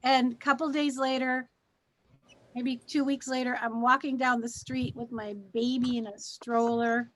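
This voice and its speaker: A woman's voice: high voice, flat delivery, unhurried, no room sound. A middle-aged woman co-hosting a casual talk show, speaking emphatically and bluntly with short repeated questions. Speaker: co-host. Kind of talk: casual discussion and personal story.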